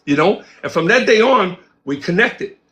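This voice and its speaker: Male interview guest, high voice, animated storyteller who acts out the dialogue. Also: normal speed. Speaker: interview guest, music producer. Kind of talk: casual storytelling.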